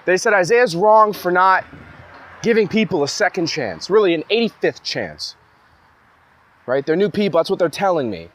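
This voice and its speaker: A man's voice: high-pitched, big pitch swings, moderate pace, fairly bright tone. A young man in a heated, rambling monologue, speaking in an agitated way full of restarts. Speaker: vlogger ranting to camera.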